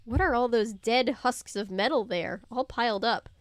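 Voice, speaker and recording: An innocent little spark of light asks about the world in wonder, voiced by a woman reading aloud. The tone is smooth and clear, close and dry. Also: on the high side, moderate pace, dry recording, natural voice. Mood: curious. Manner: wondering, naive questions.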